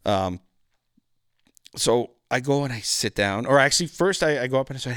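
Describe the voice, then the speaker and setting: Man, podcast guest, a lively storyteller who swears freely, dry close sound. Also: mid-range voice, normal speed, no echo. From Canada. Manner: animated, profane, acts out voices in his stories. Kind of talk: casual storytelling.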